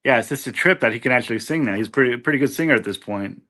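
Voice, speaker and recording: A man's voice: mid-range voice, expressive, racing, pushed and bright. A laid-back man co-hosting a casual podcast, answering hesitantly and getting easily sidetracked. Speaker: podcast co-host.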